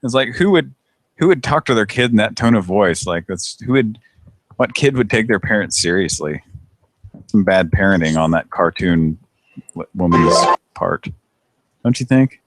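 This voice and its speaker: Deep-voiced laughing man hosting. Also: animated, moderate pace, a little hiss or hum. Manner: laughs often, rambling. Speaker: host of a prank call show. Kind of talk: casual live chat.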